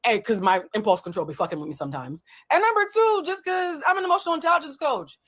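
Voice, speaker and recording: A woman hosting a livestream, telling a dating story in a casual, blunt and profane way, and acting out the dialogue with big jumps in pitch. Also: very animated, fast, fairly bright tone. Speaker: host of a livestream, emotional intelligence coach. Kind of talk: casual storytelling to a live audience.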